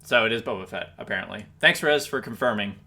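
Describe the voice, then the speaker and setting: A man co-hosting a live-stream podcast, chatting casually and reading viewer comments, relaxed and quick to laugh. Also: on the low side, vocal fry. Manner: relaxed, laughs often, trailing restarts.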